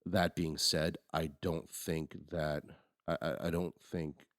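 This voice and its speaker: A man with an extremely deep voice talks through a movie review in a loose, rambling way, often restarting his sentences. The recording is dry and close, with no room sound. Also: level tone, takes it slowly, dry recording. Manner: rambling, frequent restarts and fillers. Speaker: podcast co-host. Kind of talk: casual movie review chat.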